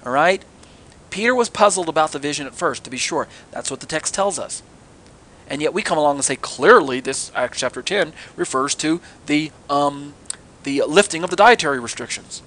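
Middle-aged male Bible teacher, slightly high voice, earnest sermon delivery with rhetorical questions. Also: animated, a little fast, fairly bright tone.

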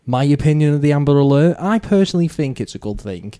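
A man hosting a casual podcast, swearing freely as he rambles through his views. His voice is mellow and dark, recorded dry and close with no room sound. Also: on the high side, fast, hardly any pauses, dry recording. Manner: sweary, rambling, animated opinions. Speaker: podcast host.

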